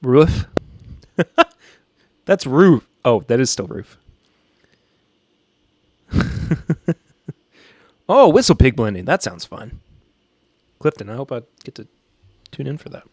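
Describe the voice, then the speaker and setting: A podcast host from the Southern United States, speaking with a Southern accent, jokes casually while following a live chat. His mid-range voice is very animated yet slow, with long pauses, a slightly mellow and slightly rough quality, and a dry recording. He sounds somewhat stressed.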